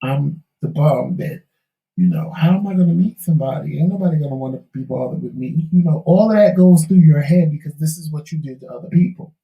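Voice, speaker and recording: Sounding muffled and distant in a roomy space, a man with a fairly high voice and vocal fry talks briskly. He co-hosts a talk show and tells a candid life story with preachy emphasis and folksy Southern-tinged slang, his voice giving out.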